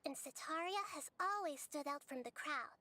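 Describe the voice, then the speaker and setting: A woman voicing a small, calm goddess of wisdom in a video game, speaking in a measured, gentle way and explaining at length. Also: high voice. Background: game music.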